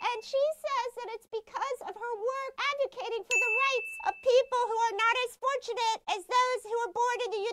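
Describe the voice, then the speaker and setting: A performer voicing an excitable, chirpy cartoonish announcer who introduces the show. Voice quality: very high, squeaky.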